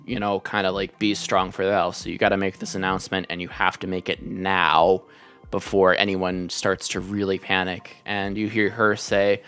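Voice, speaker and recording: A woman narrating a tabletop role-playing game as game master, chatty and relaxed with many fillers. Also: very deep voice, normal speed, clean tone.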